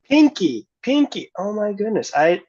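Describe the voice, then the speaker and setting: A player voicing a kind, gentle adventurer in a tabletop game, with soft, apologetic, teasing talk. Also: mid-range voice, very animated, measured pace, voice pushed up. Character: kindly adventurer man, gentle and joking. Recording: dull, muffled stream audio.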